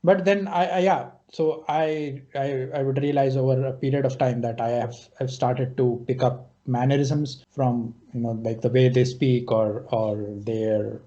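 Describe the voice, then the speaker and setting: A man's voice: medium pitch, steady tone, measured pace, few pauses, mellow. A man, hosting a podcast chat, hesitant and full of fillers and repeats. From India. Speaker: podcast host. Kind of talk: casual chat. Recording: dull, lo-fi sound.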